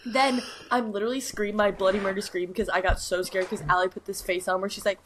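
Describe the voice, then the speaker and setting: A woman's voice: mid-range voice, fairly even intonation, fast talker, a bit bright, a little hiss or hum. A young woman co-hosting a podcast, telling a story in rambling casual chat with lots of fillers. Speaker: podcast co-host.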